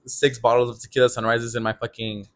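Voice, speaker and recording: A young man in his twenties, co-hosting a podcast and telling a story in a casual chat, animated and laughing often. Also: mid-range voice, quick pace, a little hiss or hum. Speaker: podcast co-host.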